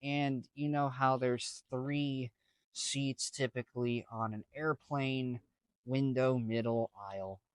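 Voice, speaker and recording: A man's voice: medium pitch, fairly even intonation, takes it slowly, clear, resonant tone, no echo. A man casually telling a story to camera, rambling with slang and many restarts. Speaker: vlogger.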